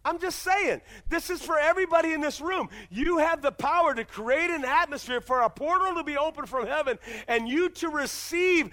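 Male pastor, sermon in church, high bright tone, emphatic rhetorical delivery. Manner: emphatic preaching with repeated rhetorical questions.

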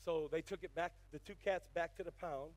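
An older male pastor preaching, moving from folksy storytelling into fiery, shouted exhortation. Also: fairly high pitch, fairly even intonation, brisk, dry recording. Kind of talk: sermon.

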